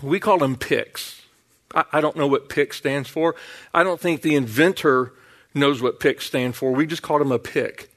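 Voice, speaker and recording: A middle-aged male preacher in a sermon, telling a homespun tale with easy folksy warmth. His voice sits slightly on the higher side for a man. He punctuates the story with "Amen?" and "Hallelujah.". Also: moderate pace. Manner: storytelling, folksy, with 'Amen?' and 'Hallelujah'.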